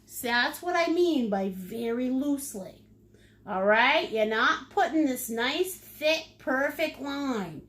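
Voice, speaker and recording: A woman's voice: sits high, lively intonation, takes it slowly, a bit bright. A woman leading a live painting lesson, chatty and playful, with sing-song asides. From United States. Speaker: painting instructor.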